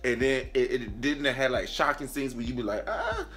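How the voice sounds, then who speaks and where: A man in his late twenties giving a sassy, animated casual movie review, calling the viewer honey and jumping into a high voice when he quotes himself. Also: moderate pace. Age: late 20s.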